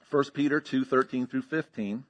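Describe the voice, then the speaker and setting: A man's voice: mid-range voice, moderate pace, a bit bright. A man preaching a sermon as pastor, teaching emphatically with rhetorical questions and frequent checks of "okay?".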